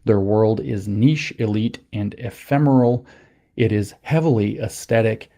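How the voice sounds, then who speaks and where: A man delivering a deliberate, lecturing podcast monologue. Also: fairly low pitch, dark tone. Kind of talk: scripted political monologue.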